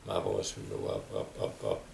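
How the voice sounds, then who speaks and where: A man's voice: a bass voice, very animated, normal speed, vocal fry, a little mellow, distant mic. An older man telling stories in a reflective oral history interview, often quoting others. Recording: echoey room, faint background noise.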